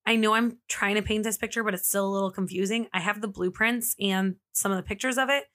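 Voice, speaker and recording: Woman podcaster, bright tense voice, chatty crime storytelling, says like a lot. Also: mid-range voice, fairly even intonation, fast. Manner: chatty, frequent "like" fillers, laughs easily. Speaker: podcast host. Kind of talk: casual true-crime storytelling.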